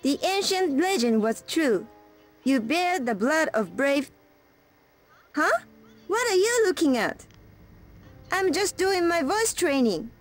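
A high-voiced odd young woman. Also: sing-song, soft background music, full character voice. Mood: odd stilted. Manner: halting, stilted delivery. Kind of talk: dubbed game dialogue.

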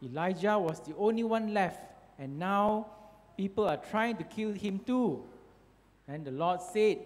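Man, slow and expressive, higher voice, children's Bible story, reverberant church hall. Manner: slow, expressive, addresses children with questions and "okay". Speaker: Sunday school storyteller.

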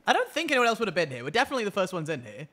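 A man's voice: high voice, wildly swooping pitch, very fast, sharp tone. Joking young man with a Yorkshire accent. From northern England. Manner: joking, self-deprecating, with many restarts. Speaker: streamer. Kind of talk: casual gaming chat.

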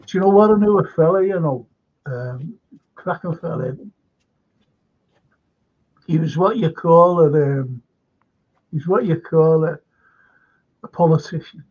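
A man hosts a live stream, reading viewer comments aloud and wandering into casual stories. His voice sits high and he takes his time. The audio comes through dull and lo-fi over a video call. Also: slow pace, pauses often. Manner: reads comments aloud and chuckles at them. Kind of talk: rambling casual chat and anecdotes.

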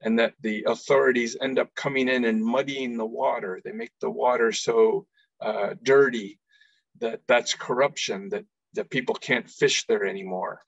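A man's voice: medium pitch, steady tone, normal speed, gravelly, no room sound. A man giving an earnest faith-based talk as an organization leader, often repeating words as he starts a phrase. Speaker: executive director giving a talk. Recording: dull lo-fi recording.

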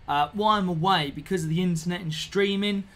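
A man with a high-pitched, slightly bright voice talks fast while live-streaming a video game, chatting casually with viewers, rambling and repeating himself.

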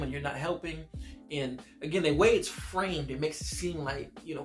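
A man giving a casual, enthusiastic spoken film review, slangy and full of restarts. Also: a little high.

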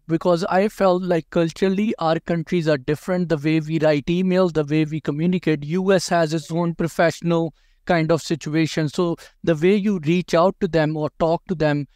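A man's voice: on the high side, a little mellow, no echo, clean studio sound. Direct, advising man hosting an interview. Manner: direct, advising, repeats words when emphasizing. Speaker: host interviewing a dental school applicant. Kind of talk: conversational interview.

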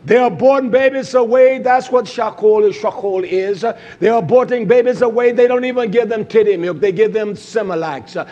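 A man preaching a sermon with passion, his delivery swinging from hushed, low phrases to shouted outbursts. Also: moderate pace, few pauses, muffled recording.

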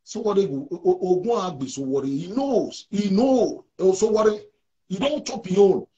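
Halting man with a Nigerian Pidgin accent. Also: high voice, lively intonation, dark tone, slightly rough, muffled recording. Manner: halting, repetitive.

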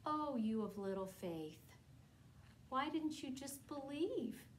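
A woman voicing a calm, gentle man. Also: high-pitched, slow, a little hiss or hum. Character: calm, gentle grown man reassuring his friends.

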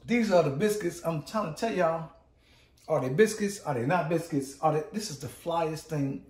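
A man's voice: on the high side, normal speed, a little mellow, roomy sound, recorded from a distance. A man hosting a casual cooking demo, hyped and repetitive, calling out to his viewers as he works. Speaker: cooking channel host. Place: home kitchen.

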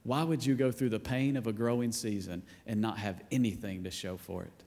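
A man's voice: on the low side, steady tone, brisk. Playful male pastor preaching in a reverberant hall. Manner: conversational, playful preaching with acted-out quotes and shouts. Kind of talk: sermon. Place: church auditorium.

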